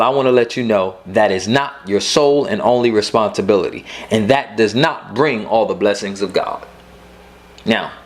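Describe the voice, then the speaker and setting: A middle-aged man preaching a sermon, emphatic and repeating his key points for the congregation. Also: medium pitch.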